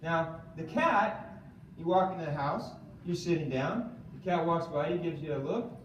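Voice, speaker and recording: A man with a somewhat high voice leads an animated training talk, firing questions at his audience and checking in with "okay?". He sounds far from the microphone, with roomy echo and clear background noise. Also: moderate pace. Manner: animated, quizzes the audience, keeps asking "okay?". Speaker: seminar speaker. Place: room with a live audience. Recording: echoey room from far off.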